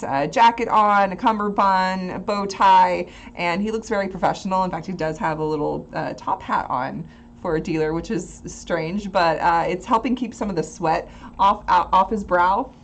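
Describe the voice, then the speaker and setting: A woman narrating a tabletop game as game master, relaxed and folksy, often laughing. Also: lowish voice, normal speed, a little hiss or hum.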